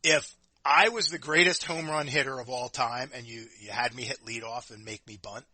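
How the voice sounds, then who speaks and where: A man's voice: medium pitch, moderate pace, sharp tone. A man co-hosting a podcast, talking in a blunt, casual way and swearing freely. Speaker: podcast co-host. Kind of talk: casual wrestling talk.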